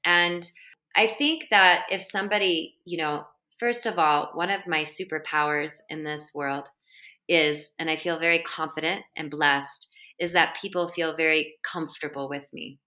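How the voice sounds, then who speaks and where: A woman's voice: sits low, fairly even intonation, normal speed, sharp tone. A middle-aged woman, a podcast guest and embodiment coach, talking in an earnest, flowing way with spiritual wording. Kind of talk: casual interview chat.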